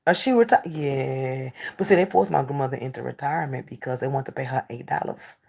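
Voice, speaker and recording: A woman talk show host telling stories in casual chat, blunt and candid, swinging between animated outbursts and hushed asides. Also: a bass voice, a little fast, gravelly, slightly rough.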